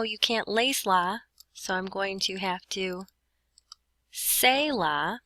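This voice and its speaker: A woman's voice: medium pitch, bright, forceful tone, dry recording, rough recording. A woman teaching a Spanish grammar lesson, explaining step by step and talking to herself as she writes. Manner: explains step by step, talks to herself while writing. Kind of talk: lesson walkthrough.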